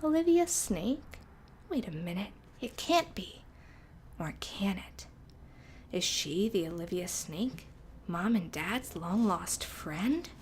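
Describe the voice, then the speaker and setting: A woman voicing a small, timid young girl mouse who talks in an eager, squeaky way. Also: very animated, slow, darkish tone, slight background noise.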